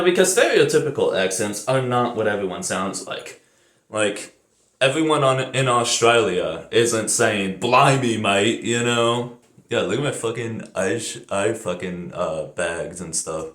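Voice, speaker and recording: A young American man chats loosely in a vlog, swearing freely and laughing at his own jokes. His voice sits low. The sound bounces around an echoey bathroom. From United States. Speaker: vlogger. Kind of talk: casual rambling vlog. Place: bathroom shower, then indoors.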